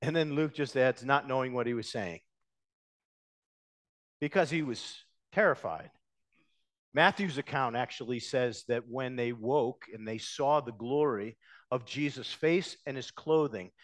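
A man preaching a sermon, swinging between loud emphatic passages and quiet, hushed ones. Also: mid-range voice. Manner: dynamic preaching, rising loud then dropping to hushed. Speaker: pastor.

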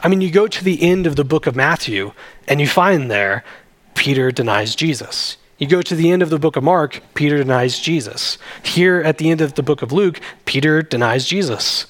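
A man's voice: fairly high pitch, animated, normal speed, fairly bright tone. A man, a pastor, preaching a sermon in an earnest, conversational way.

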